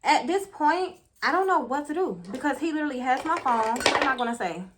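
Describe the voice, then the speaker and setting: A young woman telling a casual storytime while doing her makeup, animated and laughing often, talking straight to her viewers. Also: high-pitched, fairly quick, a little hiss or hum. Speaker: storyteller vlogger.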